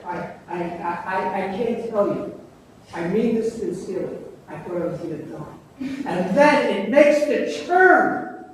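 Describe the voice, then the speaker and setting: An older man, telling a class a folksy, animated story about his own fears. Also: sits high. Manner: animated, folksy, self-mocking. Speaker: guest lecturer. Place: large lecture hall. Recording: echoey lecture hall from far off, faint noise.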